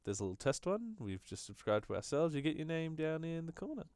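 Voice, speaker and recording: A man hosting a casual political podcast, rambling and halting with frequent fillers. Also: on the high side, very animated, a little mellow, clear, resonant tone, dry recording, studio quality. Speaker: podcast host. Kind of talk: casual leftist podcast chat.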